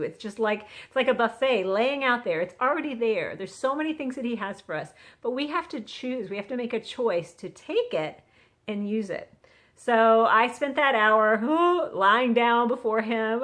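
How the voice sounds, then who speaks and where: A middle-aged woman speaking in a casual devotional vlog, her voice sitting a little high. She talks in a chatty, earnest way and recorded herself on a phone held on a selfie stick. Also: lively intonation, normal speed, fairly bright tone. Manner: chatty, earnest, acts out quotes. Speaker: vlogger sharing a devotional. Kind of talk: casual Christian encouragement vlog.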